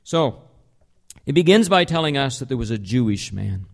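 A man delivering a sermon as pastor, in a conversational, explanatory way, slowing down to stress key words. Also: mid-range voice, big pitch swings, vocal fry.

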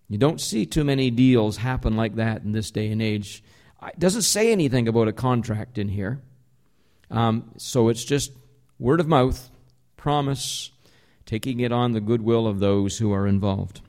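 A man preaching a sermon in a mid-pitched voice. He explains calmly and conversationally, and he slows to lean on single words for emphasis. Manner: slows down to stress key words. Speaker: pastor.

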